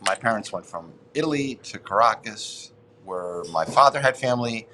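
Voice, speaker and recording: A man's voice: lowish voice, lively intonation, normal speed, noisy background. A man in his sixties, a podcast guest, telling a rambling story with frequent swearing and restarts. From Boston, United States. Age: 60s. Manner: rambling, profane, self-interrupting. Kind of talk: casual storytelling interview.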